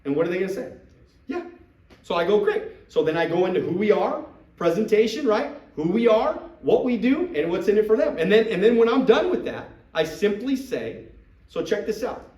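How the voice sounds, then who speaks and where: Very animated and a little fast, this man's high, darkish voice drives a motivational business talk where he repeats himself emphatically and acts out sales conversations. The room echoes and the microphone sits at a distance.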